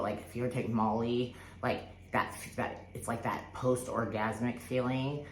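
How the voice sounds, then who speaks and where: A woman telling a personal spiritual story in casual, rambling talk, full of fillers and restarts, with the odd swear word. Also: rumbling low. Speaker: spiritual vlogger. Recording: echoey room with faint background hiss.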